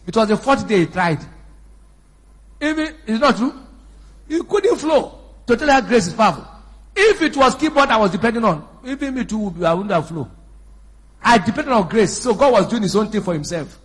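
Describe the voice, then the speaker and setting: A man in his fifties preaching a sermon in church, swinging between shouted exhortation and chatty storytelling. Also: sits high, slightly rough. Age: 50s. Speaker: pastor.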